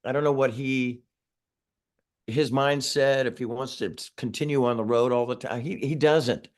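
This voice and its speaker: A man in his sixties chats loosely as an interview guest over a video call. He rambles and restarts his sentences, chuckling as he goes, and his voice sits at an ordinary middle pitch. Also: fairly even intonation, moderate pace. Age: 60s. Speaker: singer being interviewed. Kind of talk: casual interview chat.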